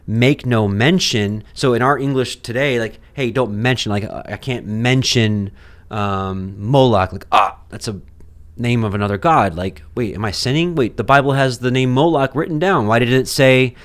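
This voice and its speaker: A young man teaching a weekly Bible portion in a relaxed, conversational way, full of fillers and restarts, acting out mock exchanges. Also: mid-range voice, normal speed. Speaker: Torah teacher.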